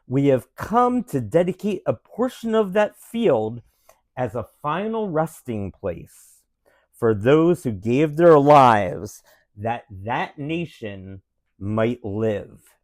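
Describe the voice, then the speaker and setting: Parent putting on a grave old-time statesman voice, super slow, dry close sound. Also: medium pitch, dry recording. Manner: slow, grave, with drawn-out pauses. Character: solemn 1860s statesman delivering a speech. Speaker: parent reading aloud to children. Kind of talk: dramatic reading of a famous speech.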